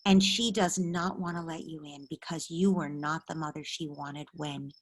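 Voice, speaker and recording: Her voice sits low, with a steady tone and moderate pace: a middle-aged parenting expert taking calls on a video call. She coaches warmly, mixing empathy with straight talk.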